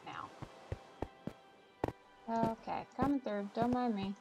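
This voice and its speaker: Woman, gameplay commentary, chatty, thinks aloud, gravelly, music behind. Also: on the high side, huge pitch swings, slow pace, long pauses. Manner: chatty, self-mocking, thinks aloud while playing. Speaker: gaming channel host.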